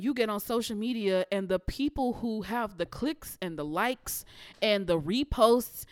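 A young woman with a smooth, mid-range voice hosts a podcast, bluntly telling a personal story with swearing and moments of holding back tears. The studio-quality audio has no room sound.

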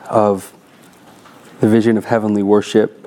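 A man giving an earnest, exhorting faith talk to a group, reading scripture slowly and repeating words when excited. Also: fairly low pitch. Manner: reads scripture slowly and deliberately. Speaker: speaker at a community talk.

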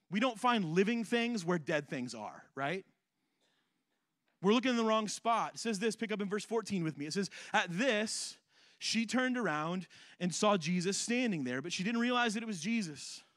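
Man, pastor, earnest sermon, high voice, dry close recording, repeats phrases for emphasis. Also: dry recording. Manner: earnest preaching, repeats phrases for emphasis, swings between soft and loud.

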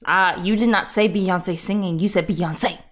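A woman's voice: lowish voice, fairly even intonation, unhurried. A young woman co-hosting a podcast in casual chat, speaking in a blunt, emphatic, opinionated way. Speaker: podcast co-host.

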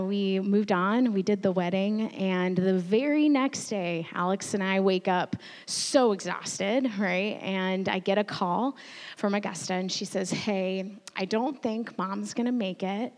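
A woman's voice: medium pitch, steady tone, measured pace. Earnest woman preaching in an echoing hall. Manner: earnest storytelling, turning quiet and emotional. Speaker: pastor. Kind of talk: sermon. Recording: long reverb of a large hall.

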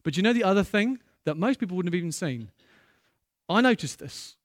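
Male preacher, fairly high voice, animated storyteller with loud peaks, dry close mic. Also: brisk, no echo. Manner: lively storytelling with bursts of loud excitement. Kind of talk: sermon.

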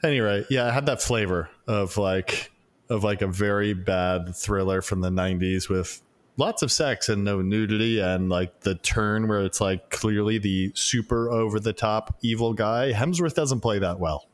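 A man's voice: lowish voice, moderate pace. A man casually recapping a movie he watched, rambling with lots of fillers and swearing. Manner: rambling, profane, many fillers. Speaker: podcast co-host reviewing a movie. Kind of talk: casual chat.

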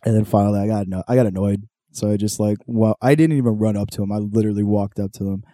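A man's voice: lowish voice, fairly even intonation, quick pace, warm tone, no room sound, clean studio sound. A young man, hosting a podcast and telling a story in casual chat, swearing a lot and acting out the voices of people in it. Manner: laid-back storyteller, swears a lot, acts out quotes. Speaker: podcast host.

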